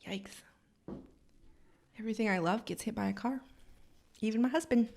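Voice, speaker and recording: A woman who owns a hair salon, hosting a podcast and telling a rambling, animated, self-deprecating story from inside her salon. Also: on the high side, fast talker, creaky. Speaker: salon owner and podcast host. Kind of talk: casual storytelling monologue.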